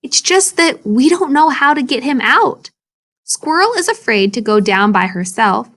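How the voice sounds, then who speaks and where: A woman's voice: high-pitched, very animated, measured pace, a bit bright, voice pushed up, exaggerated voice. A woman voicing a worried, caring hedgehog in a storybook read-aloud.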